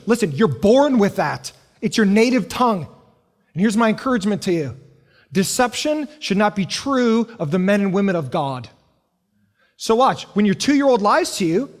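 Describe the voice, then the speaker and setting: Middle-aged pastor guy, high voice, preaching w/ stories, church hall echo. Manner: storytelling, acting out family scenes. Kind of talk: sermon. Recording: long hall reverb.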